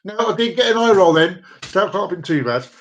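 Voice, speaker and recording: High-voiced man hosting a jokey live stream. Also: animated, quick pace, poor audio. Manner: jokey, rambling, repeats himself. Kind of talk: casual live-stream chat. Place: downstairs room at home with dogs.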